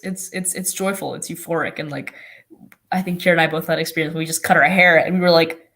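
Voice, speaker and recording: A young guest talking about their own life on a video call, excited and chatty, with many "like"s and restarts. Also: mid-range voice, fairly quick. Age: teens or young adult. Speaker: youth guest blogger. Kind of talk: casual live-stream conversation.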